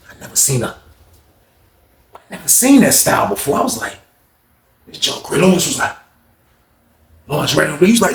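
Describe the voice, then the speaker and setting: A man's voice: on the high side, moderate pace, vocal fry, pauses often, reverberant, a little hiss or hum. A man telling a story in a casual, slangy way, acting out the other people's voices. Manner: animated, slangy, acts out every voice.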